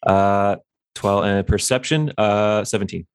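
A man's voice: fairly low pitch, fairly even intonation, measured pace, smooth, no room sound. A man playing a tabletop game, speaking in a hesitant, laid-back way. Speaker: player.

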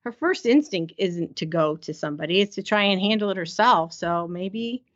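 A woman's voice: on the low side, expressive, normal speed, no room sound. Easygoing woman co-host, muffled audio. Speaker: podcast co-host. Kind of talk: casual recap chat. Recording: slightly dull, muffled audio.

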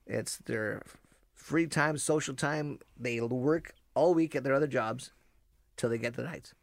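A Canadian man tells a long story to a radio host, looping back and restarting his sentences as he goes. His voice sits at an ordinary pitch. The studio sound around him is dry and close. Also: a little slow, gravelly, no echo. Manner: rambling, with many restarts. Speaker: restaurant owner guest. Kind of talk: casual storytelling. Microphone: studio microphone.

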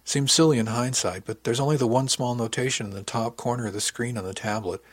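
A man's voice: mid-range voice, fairly even intonation, fast, dry recording, lightly acted. A man doing a flustered young crewman. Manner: anxious, self-critical, blurting.

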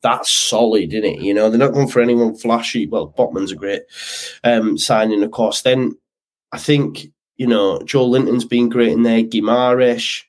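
A man's voice: medium pitch, moderate pace. A man guesting on a football podcast, chatty and opinionated with lots of fillers. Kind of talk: casual football chat.

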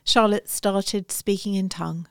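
A woman co-hosting a podcast, teasing her friend with wry, quick banter. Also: medium pitch, fairly even intonation, a bit bright, smooth, dry recording, clean studio sound. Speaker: podcast co-host. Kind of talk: casual chat.

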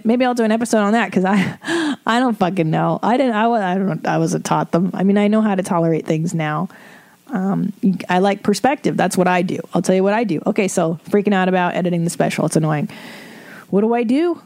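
A woman's voice: mid-range voice, brisk, a little mellow. A middle-aged woman hosting an advice podcast, talking bluntly and casually, swearing and laughing as she rambles. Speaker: podcast host giving advice.

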